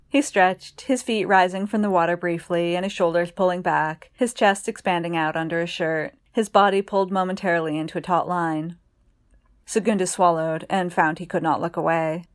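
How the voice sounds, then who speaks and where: Woman, story reading, calm, unhurried, somewhat low voice. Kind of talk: reading fiction aloud.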